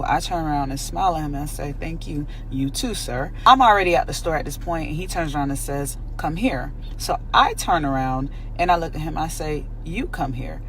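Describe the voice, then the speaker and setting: A woman's voice: low-pitched, slight background noise. A woman telling a casual story on a podcast, steadily acting out both sides of a conversation.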